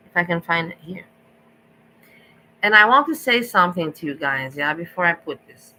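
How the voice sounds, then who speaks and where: A woman chats casually with her livestream viewers, slipping into mocking, exasperated rants. Her voice sits a little low but sounds bright and forceful. A faint hum runs underneath. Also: expressive, moderate pace, pauses often, poor audio. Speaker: livestream host. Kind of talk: casual chat with live chat viewers.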